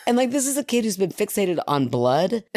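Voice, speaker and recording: A woman co-hosting a podcast, telling a family story in a casual, animated way and laughing often. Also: mid-range voice, a little fast, dry recording, studio quality. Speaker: podcast co-host. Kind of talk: casual chat.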